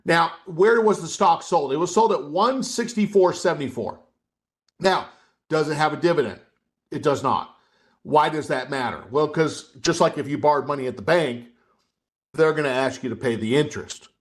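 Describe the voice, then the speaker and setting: A male trading coach runs a live webcast lesson. His voice sits a little high, and he explains in a loose, conversational way, checking in with listeners as he goes. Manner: conversational, asks the audience questions and checks in with "okay?".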